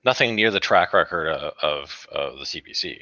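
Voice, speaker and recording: A man arguing as a debate guest, stubborn and sometimes sarcastic, with halting restarts. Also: extremely low pitch, lively intonation, sharp tone, no room sound. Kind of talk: heated online debate. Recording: dull lo-fi dry mic.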